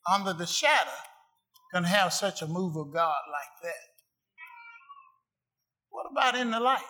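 Guy preaching a sermon, high ringing voice, punchy rhythmic repeats. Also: animated, a little slow, bright, forceful tone. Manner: rhythmic, emphatic preaching with repetitions.

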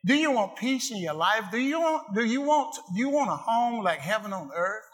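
A man's voice: high voice, very animated, normal speed, fairly bright tone. A man preaching a sermon to a congregation, emphatic and rhythmic, repeating phrases for effect.

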